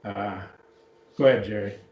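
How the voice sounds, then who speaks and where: A man's voice: fairly low pitch, a little mellow. A man teaching a Bible class, explaining Greek word forms step by step as he works a computer. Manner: unhurried, explains step by step while working a computer. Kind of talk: classroom lecture on Greek words. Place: church classroom. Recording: echoey room, distant mic, dull lo-fi.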